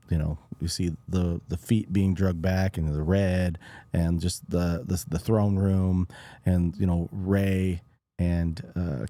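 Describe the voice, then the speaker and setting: A man's voice: low voice, warm tone, dry recording. A man hosting a casual podcast, rambling and restarting his sentences. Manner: rambling, halting, many restarts. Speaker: podcast host. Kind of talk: casual chat.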